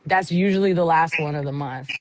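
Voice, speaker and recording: A woman's voice: low voice, fairly quick, a little mellow, no room sound, low-quality recording. A woman who works as an event MC, talking expressively and emotionally in a casual interview. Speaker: guest, event MC. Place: Oakland area event scene.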